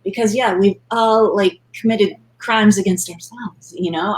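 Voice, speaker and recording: A woman's voice: mid-range voice, unhurried, a little hiss or hum, low-quality recording. A woman hosting a webinar interview who reacts eagerly and sums up her guest's points. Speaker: host.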